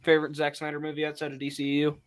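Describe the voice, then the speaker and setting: A man's voice: a little high, completely flat delivery, racing, smooth, no room sound. A man hosting a casual chat, passing on viewer questions and giving short, easygoing replies.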